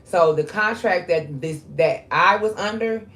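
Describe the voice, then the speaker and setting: Low-voiced woman talking candidly. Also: measured pace, a bit bright. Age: 40s. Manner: candid and conversational, with frequent fillers. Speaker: spiritual reader. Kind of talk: casual spiritual monologue.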